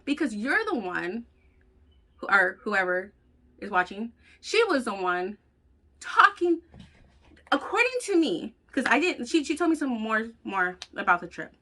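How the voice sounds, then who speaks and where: Blunt, bright-voiced woman vlogger. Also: medium pitch, moderate pace. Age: adult with children. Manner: blunt, profane and animated. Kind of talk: casual storytelling vlog.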